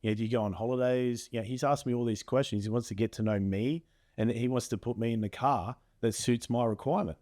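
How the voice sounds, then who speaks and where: A man's voice: medium pitch, fast talker, darkish tone, no room sound, studio quality. A man, a business coach as a guest, explaining earnestly with everyday examples. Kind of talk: casual chat.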